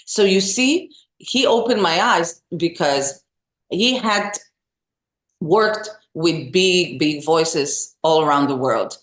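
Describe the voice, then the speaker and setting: Woman, middle-aged, singer and vocal teacher, expressive storyteller, echoey room. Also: lowish voice, slow pace. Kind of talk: casual interview storytelling.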